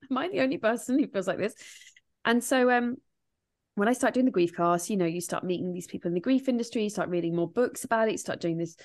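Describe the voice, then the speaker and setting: A woman guest on a podcast talking in a casual interview chat, rambling and animated, laughing often and swearing freely. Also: on the low side. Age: adult, grieving since 1998. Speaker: guest, grief podcast host and author.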